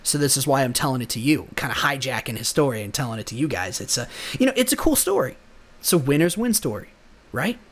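A man's voice: mid-range voice, very animated, fast, breathy edge. A young man hosting a podcast, talking through a casual motivational monologue in an earnest, rambling way with many restarts. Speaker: podcast host.

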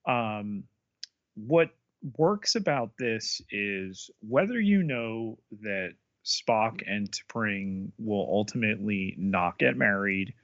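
A man co-hosting a casual podcast, recapping plot points in a measured, dry way. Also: lowish voice, expressive, a bit bright. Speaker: podcast co-host. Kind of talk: casual chat recapping an episode. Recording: dull lo-fi mic.

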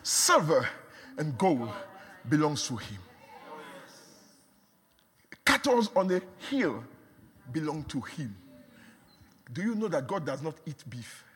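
A man preaching a sermon, emphatic and repetitive, dropping to a hush and then rising to shouts. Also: fairly high pitch, big pitch swings, slow pace, pauses often, big-room sound. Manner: emphatic, repeats words, swings from hushed to shouting.

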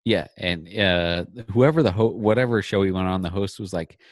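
Dry rambling low-voiced man. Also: no room sound. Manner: rambling, halting restarts. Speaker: podcast co-host. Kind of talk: casual chat.

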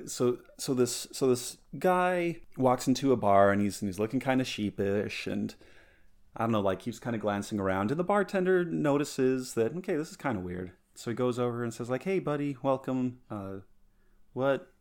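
A man's voice: mid-range voice, lively intonation, normal speed, darkish tone. A man hosting a podcast in casual chat, rambling and easygoing, often restarting sentences. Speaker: podcast host.

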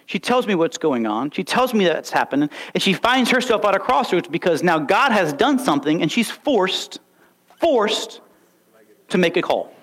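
A man's voice: sits high, sing-song, normal speed, fairly bright tone. A young man preaching a sermon, emphatic and full of rhetorical questions and stories. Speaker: pastor.

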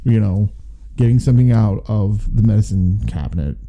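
Gravelly man with lively delivery. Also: on the low side, normal speed. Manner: rambling, conversational, many restarts. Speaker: podcast co-host. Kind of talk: casual movie review chat.

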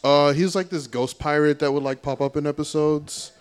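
A man's voice: a little high, fairly even intonation, moderate pace, clean tone. A man speaking as a guest in a casual comedy interview, laid-back as he tells a story.

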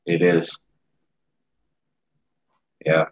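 A man's voice: low voice, monotone, very slow. A man co-hosting a podcast in casual chat, easygoing and agreeable, laughing often. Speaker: podcast co-host. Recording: echoey room with dull lo-fi sound.

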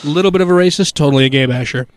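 A man co-hosting a podcast, bantering sarcastically with profane, quick interjections. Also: a little high, dry recording, studio quality. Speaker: podcast co-host.

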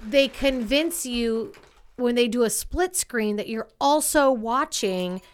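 A woman in her thirties telling a story in casual chat, animated and profane, acting out the voices of people she quotes. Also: a little high, slow pace, clear, resonant tone.

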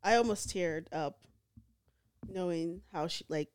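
A woman co-hosting a casual podcast, joking and reacting with loud, expressive exclamations. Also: fairly low pitch, unhurried, smooth. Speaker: podcast co-host. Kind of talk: casual chat.

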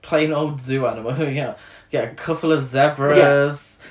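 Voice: mid-range voice, steady tone, unhurried, highs cut off. A podcast co-host recapping a film in casual chat, sarcastic and laughing. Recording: echoey room.

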